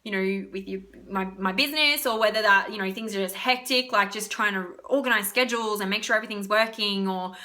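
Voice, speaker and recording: Here the young wellness vlogger's voice is mid-range and sharp, moving a little fast with few pauses. She talks loosely about self-love in a casual self-help way, full of fillers and unbothered swearing.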